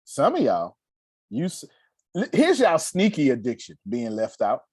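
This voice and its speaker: A man leads a group coaching call, talking bluntly and swearing freely as he drives his points home. His pitch leaps and dips all over, and his voice comes through close and dry, with no room sound. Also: huge pitch swings, measured pace, darkish tone, slightly rough, dry recording. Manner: blunt, profane, emphatic, acts out quoted voices. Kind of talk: motivational coaching talk.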